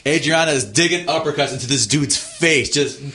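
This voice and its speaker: Man, bright voice, casual chat, swears, acts out quotes. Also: fairly high pitch, a little fast, slightly rough.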